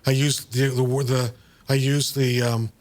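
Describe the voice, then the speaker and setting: A man, the writer of the piece, giving script notes in a discursive, halting way with many fillers, over a video call. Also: mid-range voice, flat delivery. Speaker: writer and director.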